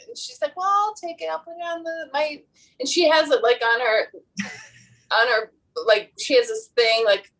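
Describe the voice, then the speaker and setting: Woman, high voice, slow meandering talk, sitting away from the mic. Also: a bit bright. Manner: meandering, unhurried storytelling. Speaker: nominated actress guest. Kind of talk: casual interview chat. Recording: distant from the mic.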